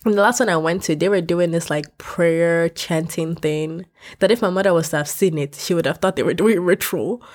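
A young woman from West Africa hosting a podcast, talking candidly in an animated, ranting way. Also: on the low side, moderate pace. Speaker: podcast host. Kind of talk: casual podcast rant. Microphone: podcast microphone.

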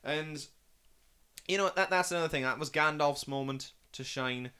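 Man, casual film chat, rambling, fillers and restarts, slightly high voice. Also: normal speed, smooth. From Northeast England. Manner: rambling, many fillers and restarts, bursts into excited impressions. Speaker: podcast host.

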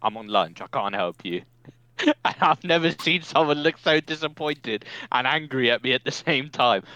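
A man's voice: mid-range voice, sharp tone, no room sound, poor audio. A young man telling work stories in a laid-back way, swearing often and laughing as he talks. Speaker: podcast co-host. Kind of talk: casual chat.

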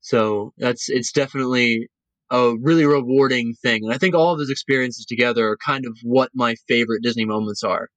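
A man's voice: medium pitch, fairly quick, a bit bright, dry recording, low-quality recording. A man telling a story as a guest on a podcast, casual and emotional, acting out the voices of the people he quotes. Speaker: guest, cruise line cast member.

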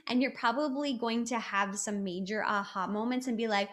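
A woman's voice: on the high side, moderate pace, a bit bright. A woman hosting a podcast, giving upbeat motivational advice in a chatty way, with many fillers and restarts. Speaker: podcast host. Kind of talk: casual motivational talk.

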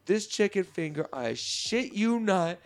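Animated crude storyteller on a podcast. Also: medium pitch, a little slow, no room sound, soft background music. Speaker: podcast co-host. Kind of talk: casual chat.

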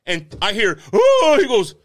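Dude on a podcast telling a story, swearing a lot, voice a bit high and jumping all over. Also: male voice, very animated, quick pace, fairly bright tone. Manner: storytelling, swearing, laughing through a sad tale. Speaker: podcast co-host. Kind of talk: casual podcast chat.

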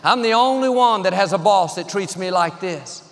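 A man's voice: sits high, lively intonation, normal speed, a bit bright, long reverb tail. A man preaching an encouraging sermon as pastor, speaking in short rhythmic phrases and firm declarations.

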